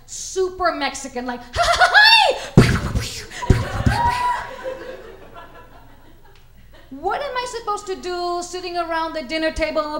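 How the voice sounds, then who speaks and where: Woman comic on stage, high voice, lots of bounce, roomy club sound. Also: a little hiss or hum. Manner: animated, punchy delivery with acted-out quotes. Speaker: stand-up comic. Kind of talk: stand-up comedy set. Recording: echoey comedy club.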